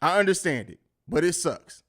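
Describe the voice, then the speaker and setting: A man's voice: a little high, big pitch swings, normal speed, a bit bright. A man hosting a live post-game sports podcast, reading chat comments and answering them in a combative, mocking, trash-talking way. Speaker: podcast host.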